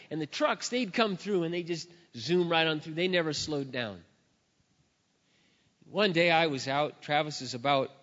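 Animated storytelling pastor in a reverberant hall. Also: male voice, high voice. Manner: animated storyteller, acts out barking and shouting. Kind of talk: sermon storytelling. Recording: dull sound with long hall reverb.

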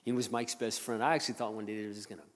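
A male pastor telling a personal story in a sermon, animated, swinging between loud and hushed. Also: on the low side, very fast, long reverb tail.

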